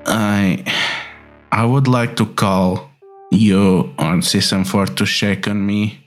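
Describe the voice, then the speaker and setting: A man voicing a scarred male porpoise who swings between grandiose menace and weariness, drawn out and slow. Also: fairly low pitch, fairly even intonation, faint music behind. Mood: weary, low. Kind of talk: tabletop game voice acting.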